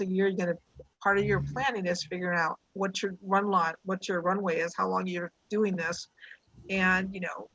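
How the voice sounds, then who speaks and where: Encouraging husky woman business coach. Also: mid-range voice, fairly bright tone, muffled recording. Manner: chatty, encouraging, tells anecdotes. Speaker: business coach leading a workshop. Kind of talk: casual live coaching session.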